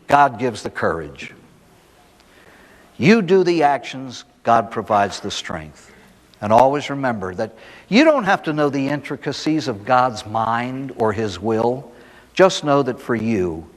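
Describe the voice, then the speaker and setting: A man, a priest, giving a recovery talk in a folksy storytelling way, firing off rhetorical questions and dropping from loud emphasis to hushed asides. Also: medium pitch, long reverb tail.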